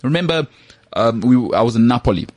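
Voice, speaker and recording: A man hosting a casual podcast chat, telling rambling stories with lots of fillers and a husky voice. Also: mid-range voice, fairly quick, no echo. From South Africa. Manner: animated storyteller, rambling with many fillers. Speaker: podcast host.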